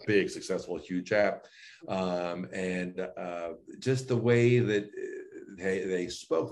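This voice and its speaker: A male voice and speech coach in an interview, explaining his sessions and acting out both himself and his client. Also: low voice. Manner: animated, acts out both sides of a coaching dialogue.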